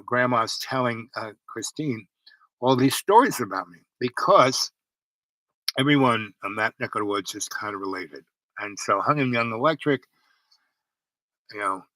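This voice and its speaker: A man's voice: medium pitch, pushed and bright, no echo, rough recording. A man telling a meandering personal story, full of asides and restarts.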